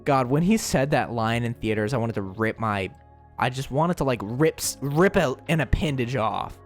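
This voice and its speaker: A man's voice: medium pitch, lively intonation, moderate pace, faint music behind. A young man streamer in casual chat, rambling and joking, often stumbling and repeating words.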